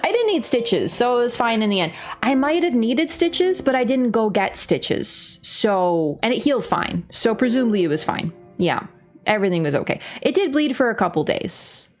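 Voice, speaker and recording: A woman with a slightly high voice streams a game and casually tells a story at a normal pace, faint music playing behind her. She's lively, laughing, swearing freely and acting out voices, all picked up by a webcam setup.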